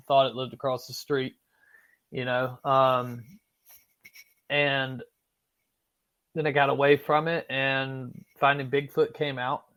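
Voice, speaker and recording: Southern-accented man telling animated stories. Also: medium pitch. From Florida, US. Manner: animated, with frequent fillers and swearing. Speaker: podcast guest. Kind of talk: casual storytelling.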